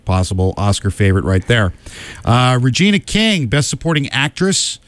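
A man co-hosting a casual podcast chat, listing award winners with quick opinions and frequent "uh" fillers. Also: mid-range voice, sing-song, fairly bright tone, no room sound. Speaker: podcast co-host.

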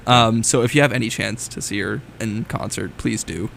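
A man's voice: lowish voice, normal speed, vocal fry, a bit bright, a little hiss or hum. A young man co-hosting a student radio show, chatting with eager enthusiasm and gushing about what he liked. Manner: enthusiastic, laughs easily, gushing praise. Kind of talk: casual chat on air.

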